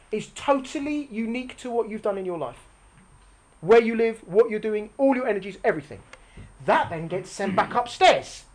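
Animated woman teaching a religious class. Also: fairly high pitch. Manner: animated, asks the audience questions and repeats lines for emphasis; explains using a picture or diagram. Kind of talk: live religious class lecture.

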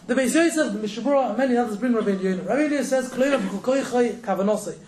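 A man teaches a religious class at a brisk clip, with jokes and a chuckle between points. His voice sits unusually high. The room is echoey. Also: a little mellow. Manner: quick, joking, laughs between points. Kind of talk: casual Torah lesson.

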